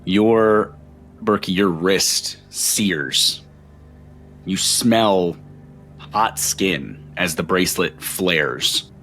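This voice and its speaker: A man's voice: low voice, drawn-out words, a bit bright, soft background music. A man narrating a tabletop game as game master, with vivid descriptive storytelling.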